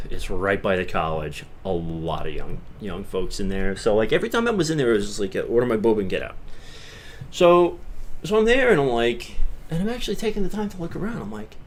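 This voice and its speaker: A man hosts a casual livestream, rambling along and jumping between low mutters and loud outbursts. His pitch rises and falls a great deal. Faint noise sits under his voice. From Long Island, New York. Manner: animated, rambling, swings from mutters to loud bursts. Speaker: livestream host.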